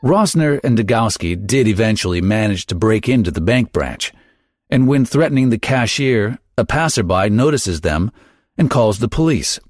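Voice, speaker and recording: A man's voice: lowish voice, expressive, normal speed, dry recording. A man hosting a true-crime podcast, narrating a scripted story in a dramatic, wry manner. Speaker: podcast host.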